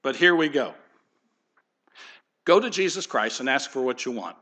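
A man's voice: medium pitch, lively intonation, moderate pace, sharp tone. A middle-aged man, a pastor, giving a conversational sermon and putting questions straight to his congregation. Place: church sanctuary.

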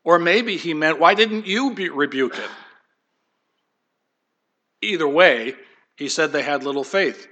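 A man preaches a sermon in a lively, conversational way, sliding into acted-out voices and folksy jokes. His voice sits a little high and has a bright, forceful edge. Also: unhurried, pauses often. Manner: animated, acts out quoted voices. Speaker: pastor.

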